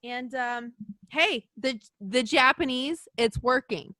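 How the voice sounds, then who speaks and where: A woman co-hosting a podcast in casual chat, excitable and gushing, swearing freely. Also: high-pitched, takes it slowly, no echo, studio quality. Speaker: podcast co-host.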